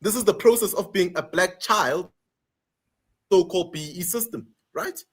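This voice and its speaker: A man's voice: high-pitched, normal speed, slightly rough. Impassioned man with a raised voice. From South Africa. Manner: emphatic, repeats points for stress. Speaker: panelist. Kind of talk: passionate political commentary.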